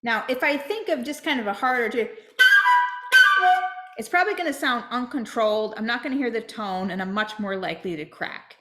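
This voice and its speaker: A woman's voice: a little high, lively intonation, brisk, a bit bright, reverberant, faint music behind. A woman teaching a flute masterclass, explaining step by step and checking in with "right?".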